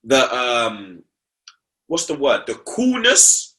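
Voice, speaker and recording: A man's voice: medium pitch, wildly swooping pitch, slow, sharp tone. A young man, talking football on a casual podcast, slangy and repeating himself for emphasis.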